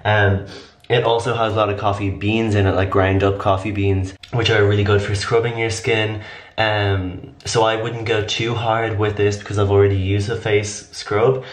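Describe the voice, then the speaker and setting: A man with a slightly raspy voice chatting through a casual skincare tutorial, rambling and full of fillers. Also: lowish voice. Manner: rambling, filler-heavy, upbeat. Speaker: beauty vlogger. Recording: echoey room.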